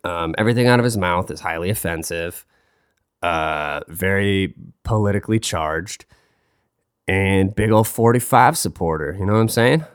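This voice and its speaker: A man's voice: low voice, moderate pace, smooth, no echo, studio quality. A man hosting a casual solo talk, rambling and joking crudely, his voice stuffy from a cold. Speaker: podcast host.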